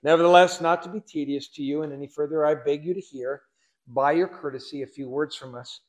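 Brief: man putting on a sycophantic orator, oily and flattering, pitched a touch higher. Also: brisk, natural voice. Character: fawning, flattering male courtroom orator.

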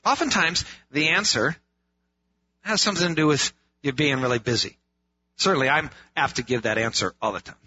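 A man's voice: a little high, brisk, bright, forceful tone, slight background noise. A man preaching a sermon in an earnest way, asking rhetorical questions and repeating phrases for emphasis. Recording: dull lo-fi sound.

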